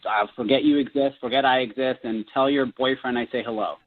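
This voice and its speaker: A man's voice: mid-range voice, steady tone, brisk. Sulky man on a tinny phone line. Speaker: date being called on air. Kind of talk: sulky defensive phone talk.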